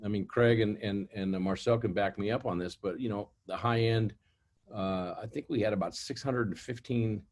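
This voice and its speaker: A man's voice: on the low side, moderate pace, darkish tone. A man telling rambling, profane stories on a casual industry call. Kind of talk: casual chat.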